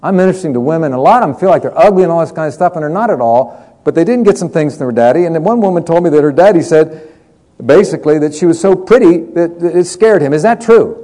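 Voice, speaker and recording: A man's voice: a little high, lively intonation, fast talker, mellow. A middle-aged man preaching a sermon, telling stories from his counseling in an earnest way, often repeating words as he goes.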